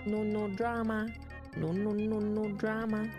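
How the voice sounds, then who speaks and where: A woman's voice: mid-range voice, level tone, unhurried, over loud music. A woman chatting during a game, repeating short coaching phrases. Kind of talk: casual chat over gameplay.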